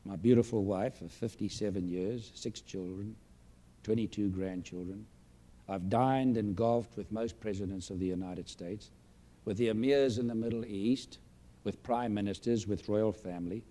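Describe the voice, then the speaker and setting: A man's voice: fairly low pitch, moderate pace, warm tone. A man in his late seventies giving a boastful, emphatic and sentimental motivational speech to an audience in a large room. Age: 70s. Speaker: speaker addressing an audience.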